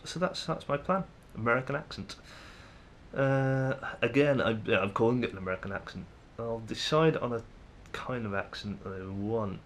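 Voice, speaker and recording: A man's voice: mid-range voice, moderate pace, a little hiss or hum. A young man with a Manchester English accent, musing aloud to camera in a casual vlog, hesitant and full of ums and restarts. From England. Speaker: vlogger.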